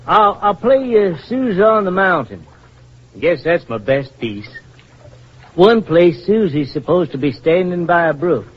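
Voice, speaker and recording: A stubborn young backwoods flute player. He talks plainly and earnestly, his voice husky and a touch high. The sound is dull and muffled, like an old radio broadcast. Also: big pitch swings, a little slow, full character voice. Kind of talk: 1940s radio acting.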